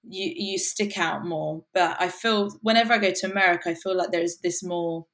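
Woman, from the UK, worship musician, earnest casual chat, lower voice. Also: normal speed, a bit bright. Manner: earnest, casual, frequent fillers and laughs. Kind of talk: podcast interview conversation.

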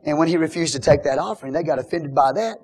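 Male pastor, high voice, emphatic sermon delivery to a church congregation. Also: quick pace, darkish tone, breathy edge. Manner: emphatic preaching, checks the congregation follows.

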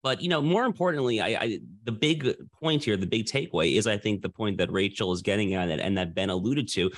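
A man's voice: fairly low pitch, expressive, a little fast, dry recording, clean studio sound. A man co-hosting a political panel talk, arguing emphatically with frequent restarts. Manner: emphatic, argumentative, with filler restarts. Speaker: political podcast co-host. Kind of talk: opinionated panel discussion.

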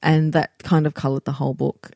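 A woman co-hosting a podcast, talking about books in an animated, emphatic way, often repeating words for stress. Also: low voice, fairly quick, vocal fry, dry recording, clean studio sound. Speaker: podcast co-host. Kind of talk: casual book discussion.

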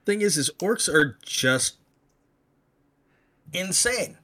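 A man's voice: high-pitched, animated, takes it slowly, sharp tone. A man in a casual chat who rambles animatedly and restarts his sentences often.

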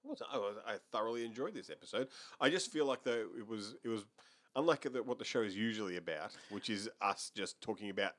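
A man co-hosting a podcast, chatting casually with wry, deadpan sarcasm. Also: fairly low pitch, fast. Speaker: podcast co-host. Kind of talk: casual chat.

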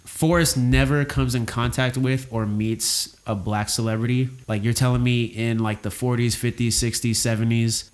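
A man talks through a film in a relaxed, opinionated way. His voice sits at an ordinary middle pitch. He circles his points with fillers and restarts. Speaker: podcast co-host discussing a film. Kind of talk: casual discussion.

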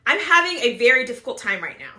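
A woman with a high, bright voice talks straight to the camera, handing out practical advice to fellow moms. She keeps it chatty, tossing in "right?" and mimicking how people talk as she goes. The room around her carries a noticeable echo. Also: sing-song, fast talker. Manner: chatty, repeats "right?" and "blah, blah, blah"; acts out quoted voices. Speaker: mom advice vlogger.

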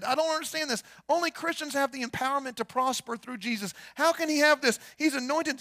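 A pastor preaching a storytelling sermon, swinging between hushed and loud and firing rhetorical questions. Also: male voice, very high voice, fairly quick, few pauses, no echo. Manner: rhetorical questions, repeats words.

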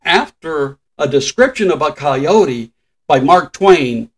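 Older guy on a podcast, kinda high voice, chatty, laughs a lot telling trivia. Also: lively intonation, slow, husky, poor audio. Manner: chatty storyteller, shares trivia, chuckles often. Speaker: podcast co-host. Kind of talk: casual chat.

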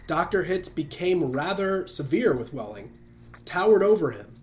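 Male story narrator, fairly high voice. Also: lively intonation, normal speed, a little hiss or hum.

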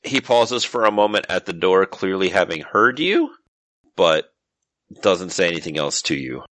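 A man narrating as game master of a tabletop role-playing game, relaxed and measured. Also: low-pitched, dry recording, low-quality recording.

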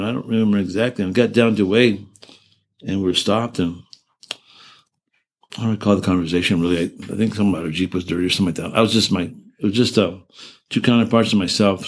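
Older guy in his 70s, very low voice, keeps stopping and restarting, earnest. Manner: halting, with frequent restarts and self-corrections; earnest and emotional while recounting. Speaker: interviewee. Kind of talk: oral-history interview recollection.

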